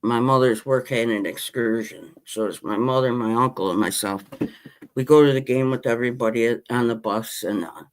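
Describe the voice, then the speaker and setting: A man's voice: mid-range voice, moderate pace. A man, ranting passionately about his team as a podcast host in casual chat. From Western New York. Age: 50s. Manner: impassioned, rambling sports-fan rant.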